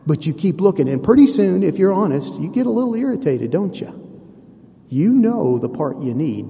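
A man's voice: a little high, vocal fry, mellow. A man preaching a sermon to a congregation, conversational with playful asides to the listeners. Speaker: pastor. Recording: long hall reverb.

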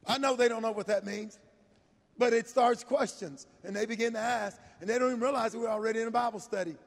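A man in his sixties preaching a sermon, telling a personal story in a folksy, animated way. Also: extremely high pitch, fast talker. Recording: echoey hall reverb.

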